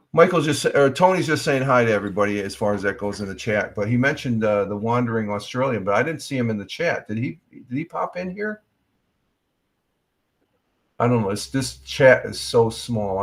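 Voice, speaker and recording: A man hosting a casual morning livestream, rambling with many fillers and reading the chat aloud. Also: lowish voice. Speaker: livestream host. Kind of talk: casual live-stream chat.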